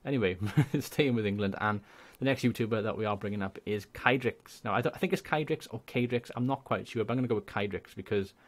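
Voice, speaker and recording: Chatty young Welsh man, lowish voice. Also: fast, hardly any pauses. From Wales. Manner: chatty, rambling, laughs often. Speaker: YouTube gaming creator. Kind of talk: casual channel shout-out monologue.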